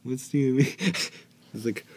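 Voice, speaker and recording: A man's voice: medium pitch, steady tone, normal speed, warm tone. A man doing casual reaction commentary. He rambles, makes mocking, exasperated asides and keeps breaking into giggles. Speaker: reaction video host.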